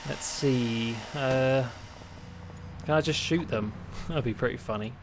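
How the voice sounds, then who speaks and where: A man's voice: medium pitch, slow pace, noisy background. A man rambling chattily and laughing easily while streaming a game. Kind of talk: casual chat while playing a game.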